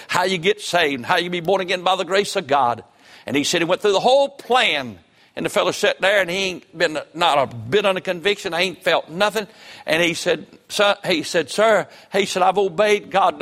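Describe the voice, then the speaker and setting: A man's voice: on the high side, a bit bright. A man preaching a sermon, telling folksy stories that rise into fervent exhortation. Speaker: pastor.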